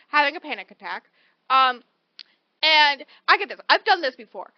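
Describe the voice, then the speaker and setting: A woman's voice: high voice, a little fast, dry recording, dull audio. A woman co-hosting a casual book podcast, summarizing a story animatedly and acting out the characters' lines. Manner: animated, acts out character quotes. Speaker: podcast co-host.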